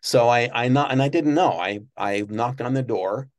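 A former studio page, this man tells stories as a guest in a casual interview. His mid-range voice moves at a moderate pace, with many restarts and fillers.

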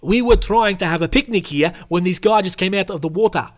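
A man's voice: sits high, brisk, close to an everyday voice. A man putting on a South African accent to voice an affronted older picnicker. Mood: put-on. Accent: put-on South African.

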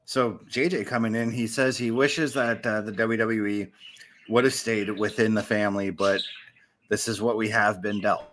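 Lower-voiced man chatting loosely. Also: steady tone, normal speed, fairly bright tone. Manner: loose, filler-heavy, says "you know". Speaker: podcast co-host. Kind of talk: casual chat.

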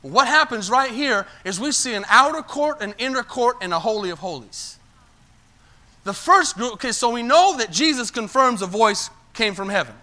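Male pastor, sermon, very high voice, bright and forceful, loud bursts then quiet asides. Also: animated, normal speed. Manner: preaching with call-and-response asides to the congregation; swings between loud emphatic bursts and low quiet lines.

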